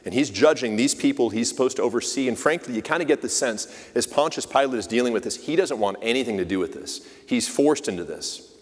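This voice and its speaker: A man's voice: medium pitch, lively intonation, quick pace, husky. Conversational male preacher in a reverberant church. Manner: conversational, asks the congregation questions. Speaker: church leader giving the message. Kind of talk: sermon. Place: church sanctuary.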